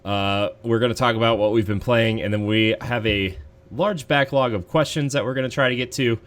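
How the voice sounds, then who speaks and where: This gaming podcast host has a mid-range voice and talks fairly quickly. His style is easygoing and meandering, peppered with lots of fillers.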